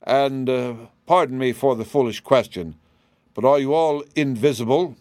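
A man's voice: medium pitch, moderate pace, darkish tone, no room sound, clean studio sound, natural voice. A man voicing a fussy little bald old wizard in a storybook reading, raised and fretful.

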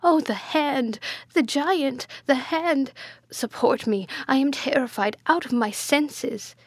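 A woman's voice: high-pitched, slow pace, breathy edge, no echo, studio quality, voice pushed up, full character voice. Woman voicing a frantic young maidservant. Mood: terrified. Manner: breathless, pleading. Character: frightened chattering young maidservant. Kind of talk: audiobook character voice.

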